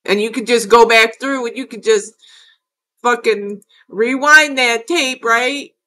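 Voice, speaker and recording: A woman's voice: fairly high pitch, measured pace, bright, forceful tone. A middle-aged woman narrating her own footage in a casual vlog. She talks in a rambling, emphatic way and curses often. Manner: rambling and emphatic, with frequent cursing. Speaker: video creator.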